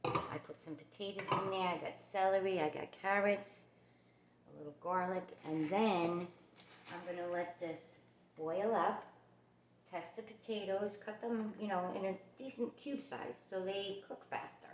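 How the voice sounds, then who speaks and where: A woman from the New York and New Jersey area, with a New York accent, hosts a cooking channel and demonstrates a recipe in her home kitchen, chatting and rambling with many fillers. Her mid-range voice is fairly even in intonation and unhurried. The room is echoey, with a little hiss or hum.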